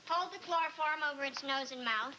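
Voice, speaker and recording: A strict, fed-up biology teacher, played by a woman in a 1990s sitcom. Her high voice is brisk and stern, over a clear hiss from an old TV copy. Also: natural voice. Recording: hissy TV recording.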